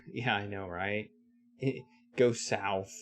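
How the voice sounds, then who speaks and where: A man's voice: fairly low pitch, fairly even intonation, slow pace. A man streaming a live text adventure, thinking aloud, reading the game text and greeting his chat. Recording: faint music behind.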